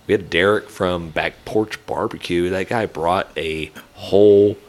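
A man's voice: low voice, steady tone, measured pace. A man hosting a podcast, telling stories in a laid-back, casual way. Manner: laid-back, storytelling, says dude. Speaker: podcast host. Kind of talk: casual chat.

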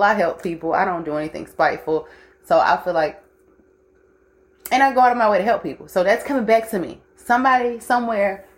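A young woman hosting a casual livestream, blunt and profane, mixing life lessons with frequent laughter. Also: on the low side. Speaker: host.

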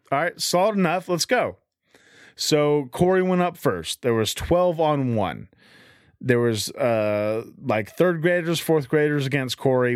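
A man's voice: fairly high pitch, dry recording, clean studio sound. A man telling a rambling, boastful story in casual chat, swearing constantly.

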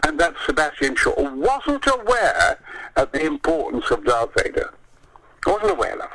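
A man's voice: a little high, very animated, a little slow, fairly bright tone, poor audio. An older man telling theatrical show-business stories, swearing freely and acting out the voices of the people in them. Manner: theatrical storyteller, swears often, acts out voices. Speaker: interview guest. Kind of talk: animated anecdote telling.

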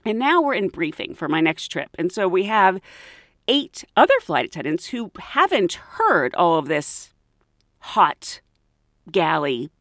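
A woman who works as a flight attendant tells a funny work story as a podcast host, animated and laughing often. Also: on the low side, a little slow, no echo, studio quality. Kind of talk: casual storytelling chat.

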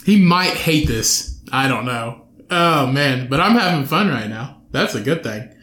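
A man's voice: mid-range voice, expressive, measured pace, sharp tone, echoey room. A young man hosting a solo podcast from his home studio, rambling, swearing and cutting himself off mid-sentence. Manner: profane, rambling, self-interrupting. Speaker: podcast host.

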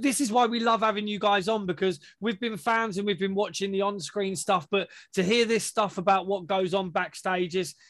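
A high-voiced man hosts a casual podcast interview, sounding enthusiastic and thankful. The sound is dry and close, with no room echo. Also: fairly bright tone. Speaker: podcast host.

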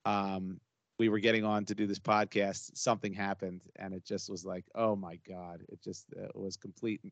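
A man's voice: low voice, level tone, normal speed, creaky, no room sound, muffled recording. A middle-aged man co-hosting a podcast, telling a story in casual banter with lots of fillers and restarts. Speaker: podcast co-host. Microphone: close podcast mic.

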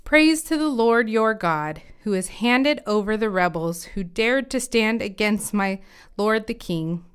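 An eager young messenger reports to his king as a woman voices him. The reading stays close to her plain voice, very clear and smooth at a middle pitch. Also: animated, measured pace, close to an everyday voice.

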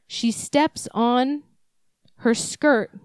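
A woman's voice: on the high side, steady tone, extremely slow, darkish tone, clear, resonant tone, no echo. A young woman co-hosting a podcast, rambling and swearing freely as she tells stories in casual chat. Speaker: podcast co-host.

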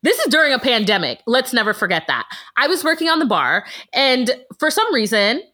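A woman co-hosting a casual chat show, telling a profane story in an animated way. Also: a little high. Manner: animated, profane, quick storytelling with character quotes. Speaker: podcast co-host.

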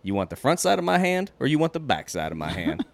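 Male podcast co-host, very lively pitch, wry banter. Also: fast, gravelly. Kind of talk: casual chat.

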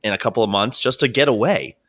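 Podcast host guy, dry storyteller, sharp bright tone, middle pitch. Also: quick pace. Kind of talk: casual storytelling chat.

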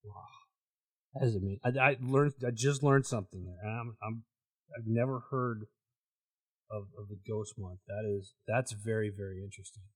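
A man hosting a podcast interview, asking halting questions and reacting with surprise. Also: on the low side, breathy edge, low-quality recording. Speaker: podcast host. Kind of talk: casual interview chat.

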